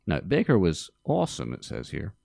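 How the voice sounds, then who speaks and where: Deep gravelly podcast host with dry humor. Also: male voice, normal speed, dry recording. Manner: dry, deadpan joking. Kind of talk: casual podcast chat. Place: studio.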